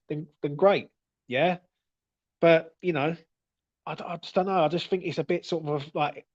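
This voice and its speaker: A fairly high-voiced man, talking casually to his livestream audience. He stumbles and repeats himself and keeps checking in with "yeah?" as he goes, and the audio sounds dull and lo-fi. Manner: chatty, stuttery, tag questions like "yeah?" and "mate". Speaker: fan channel host reading viewer comments.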